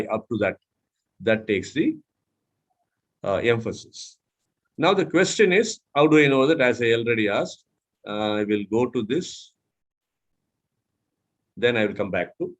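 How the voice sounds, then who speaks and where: A man's voice: medium pitch, animated, a little slow, pauses often. A man from India mentoring a club audience on syllable stress, who spells out letters, repeats words and asks the room questions. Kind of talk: instructional talk.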